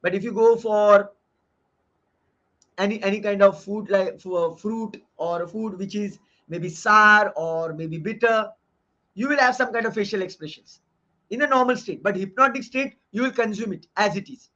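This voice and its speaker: Man with a high voice, earnest lecturer who repeats key lines, on dull lo-fi audio. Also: a little slow, sharp tone. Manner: earnest and explanatory, often repeating phrases. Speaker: course lecturer reviewing a book. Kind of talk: online lecture.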